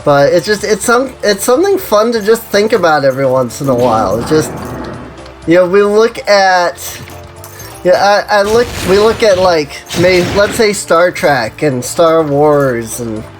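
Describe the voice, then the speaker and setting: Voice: medium pitch, sing-song, a little slow, over music. A streamer chatting casually while playing an online game, rambling and saying "you know" and "like" constantly.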